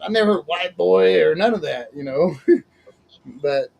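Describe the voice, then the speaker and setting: A man's voice: high-pitched, lively intonation, moderate pace, creaky, lo-fi sound. A man hosting a casual chat as a minister, folksy and chatty, laughing often. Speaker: host, minister.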